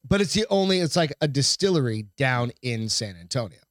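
A man's voice: medium pitch, sing-song, fairly quick, no room sound, studio quality. A man co-hosting a casual podcast, rambling and swearing freely as he tells a story. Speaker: podcast co-host. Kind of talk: casual chat.

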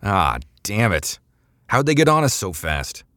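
A man voicing a tough, weary male starship captain who talks in a gruff, exasperated way. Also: deep voice, fairly quick, dry recording, clean studio sound, lightly acted. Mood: urgent.

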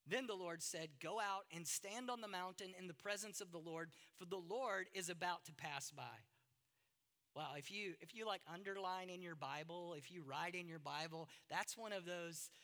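A middle-aged male pastor preaching a sermon, dramatic, moving from loud emphasis to hushed asides. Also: high-pitched.

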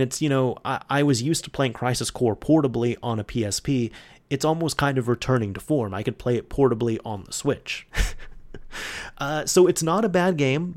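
A man's voice: mid-range voice, darkish tone. A man hosting a solo podcast, chatting casually and rambling with frequent laughs. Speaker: podcast host.

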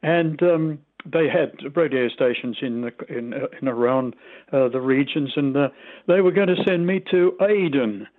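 A man in his eighties with a mild Australian accent, a retired radio presenter reminiscing in an interview, rambling and halting with many fillers. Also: medium pitch, phone-quality sound. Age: 80s.

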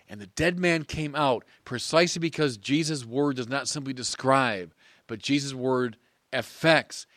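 A priest preaching a sermon in an earnest, measured way with emphatic pauses. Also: male voice, medium pitch, fairly bright tone, dry recording.

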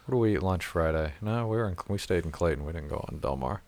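A man's voice: sits low, lively intonation, fast, darkish tone, no echo. A man from the St. Louis area talking bluntly in a casual podcast chat, swearing and laughing often. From St. Louis area, United States.

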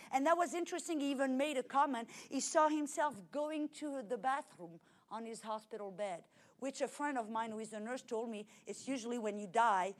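French-accented woman preaching a lively testimony. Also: fairly high pitch. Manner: animated storytelling with dramatic swings in loudness. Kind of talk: testimony sermon.

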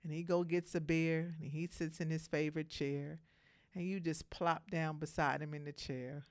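A woman's voice: deep voice, normal speed. Emphatic woman giving advice to women. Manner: emphatic, animated storytelling; addresses listeners directly. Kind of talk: motivational monologue to women.

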